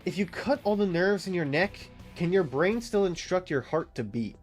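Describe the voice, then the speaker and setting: A man's voice: sits high, moderate pace, soft background music. A man in his late twenties, a streamer rambling and swearing through casual gaming chat. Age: late 20s. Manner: rambling, profane, animated storytelling.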